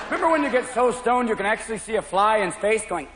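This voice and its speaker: A man's voice: high voice, animated, over a noisy crowd, very noisy. Manic male stand-up comic in a huge hall. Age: 30s. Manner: manic, rapid switching between voices. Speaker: stand-up comedian. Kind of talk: live stand-up comedy. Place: large opera house stage. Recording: live hall, loud audience laughter.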